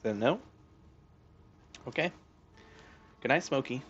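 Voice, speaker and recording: A man's voice: mid-range voice, animated, slow pace, a bit bright, dull audio. A young man streaming a video game, chatting casually and joking with his cat. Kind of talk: casual live-stream chat.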